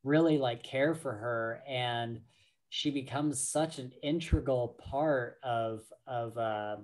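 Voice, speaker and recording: Slow-talking man on a book podcast. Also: mid-range voice. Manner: slow, rambling retelling full of fillers. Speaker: podcast co-host. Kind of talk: casual book discussion.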